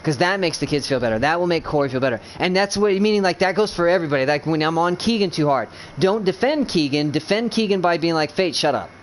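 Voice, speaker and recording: Blunt, rambling man with a slightly high voice. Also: animated, fast talker, few pauses, a little hiss or hum. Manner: rambling, blunt and profane, many restarts; earnest, keeps checking he is understood. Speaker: gamer coaching teammates. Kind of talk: casual voice chat.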